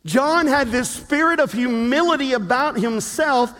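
A man preaching a sermon as a pastor, telling a story in a lively way with humorous asides. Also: extremely high pitch, measured pace. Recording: long reverb of a large hall.

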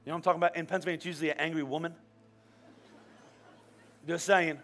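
A man in his forties preaching a sermon as a pastor, animated and storytelling with playful humor. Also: fairly high pitch, fast, a little hiss or hum. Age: 40s. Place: church. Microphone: wearing a microphone.

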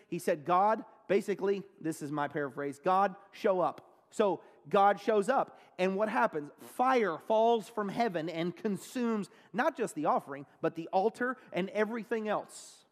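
Male pastor, higher-pitched voice, earnest sermon, long reverb of a large church. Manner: earnest preaching, pauses and slows down on key phrases.

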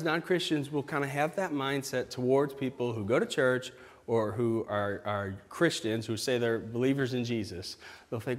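A man preaching a casual sermon, playful and animated, with exaggerated reactions. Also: mid-range voice, moderate pace, long reverb tail. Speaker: pastor.

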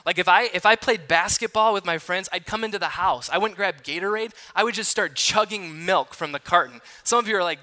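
A man in his thirties from Wisconsin preaching a sermon, telling a personal story in an animated, conversational, self-deprecating way. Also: sits high, normal speed. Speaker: pastor. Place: large church hall.

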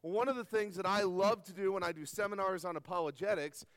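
A man preaches to a gathered audience, pitched high for his sex, telling stories from his own life with earnest conviction. He turns often to the crowd with questions. The close, dry voice is followed by a long reverb tail from a large meeting hall. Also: fast talker. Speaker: pastor. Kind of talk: sermon.

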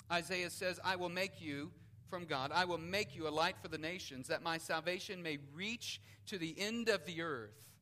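A man's voice: high voice, bright, forceful tone. A man preaching a sermon as pastor, building emphasis and repeating key phrases.

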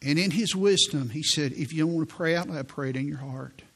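A man in his sixties, a pastor preaching a sermon in a church, telling stories in an earnest way and slowing down for quoted prayers. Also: fairly high pitch, breathy edge. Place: church sanctuary.

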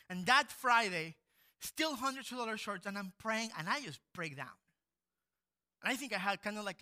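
Animated male preacher, sharp forceful tone, storytelling delivery. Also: high-pitched. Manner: animated storytelling, swings into loud acted quotes. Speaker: pastor. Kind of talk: sermon.

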